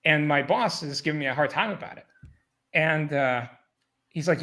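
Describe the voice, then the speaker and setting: A man's voice: fairly high pitch, moderate pace. A man telling stories in a casual livestream chat, swearing often and acting out his past conversations. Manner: profane, animated retelling of exchanges.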